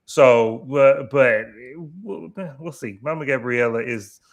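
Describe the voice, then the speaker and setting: Halting man in casual recap talk. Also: medium pitch, gravelly. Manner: halting, restarts, conversational. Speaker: podcast co-host.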